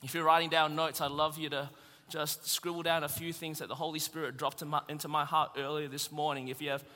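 High, bright-voiced preacher in a reverberant hall. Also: male voice, level tone, a little fast. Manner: humorous, building to shouted emphasis. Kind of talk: sermon. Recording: long reverb of a large hall.

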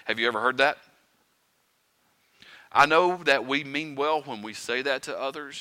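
A man preaching a sermon in a conversational way, asking the listeners rhetorical questions and swinging between quiet and loud. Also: mid-range voice, moderate pace, long pauses. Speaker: pastor. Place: church sanctuary.

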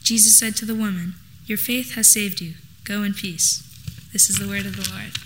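A woman reading a scripture passage aloud in church, steady and measured. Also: mid-range voice, in a large hall, noisy background. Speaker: scripture reader.

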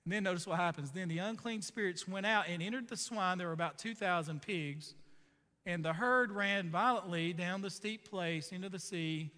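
High-voiced preacher in a reverberant hall. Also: male voice, moderate pace, sharp tone. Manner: conversational, jokey, asks the audience questions. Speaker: pastor. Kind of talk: sermon.

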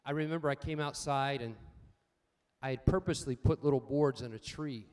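An older man preaching a sermon, swinging between loud emphatic points and quiet personal stories, calling out for amens. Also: medium pitch, brisk, smooth. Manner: asks the congregation for amens. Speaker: pastor.

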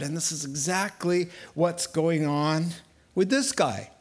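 A man preaching a sermon, telling the story in a lively way and acting out the voices he quotes. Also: fairly high pitch, slow. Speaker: pastor.

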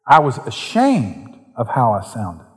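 A man from Western North Carolina with a softened Southern accent, preaching a sermon as pastor in a conversational way that builds to fervent emphasis. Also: mid-range voice, huge pitch swings, slow, long reverb tail.

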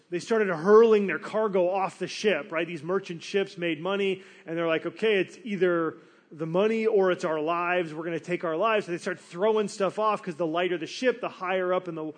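A man preaching a sermon, telling a story with animated, acted-out quotes. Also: a little high. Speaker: pastor.

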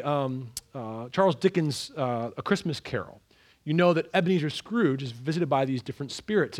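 A man with a fairly high voice preaches an expository sermon, dramatic and animated as he acts out the scripture with sudden raised outbursts.

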